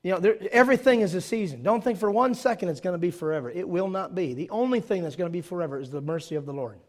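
A man's voice: sits high, quick pace. A male pastor preaching a sermon in a church, telling stories animatedly and leading the congregation in call-and-response. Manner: animated storytelling with shouted bursts and call-and-response.

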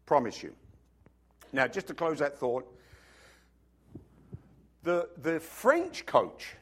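Animated pastor preaching. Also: male voice, fairly high pitch, slow, breathy edge. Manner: animated storytelling, sudden swings from loud to hushed. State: has a cough. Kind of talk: sermon.

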